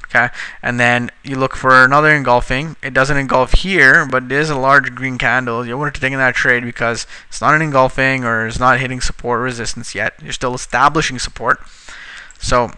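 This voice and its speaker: A man walks through a trading tutorial in a loose, chatty way, and his voice is very bright and crisp. The sound is close and dry, with no room around it. He gets short-tempered and curses now and then at his sluggish computer. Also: medium pitch, fairly even intonation, no echo. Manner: casual, frustrated, swears at slow computer. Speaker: trading instructor. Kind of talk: screen-recorded tutorial.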